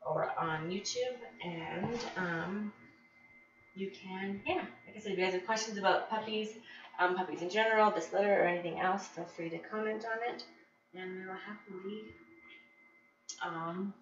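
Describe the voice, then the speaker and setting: A woman's voice: mid-range voice, normal speed. Casual woman breeder vlogging at home, rambling with fillers; noisy, muffled home recording. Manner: chatty, many fillers and restarts. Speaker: dog breeder. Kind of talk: casual vlog talk to viewers. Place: home with puppies and dogs. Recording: roomy, distant, dull, noisy home recording. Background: dogs heard in background.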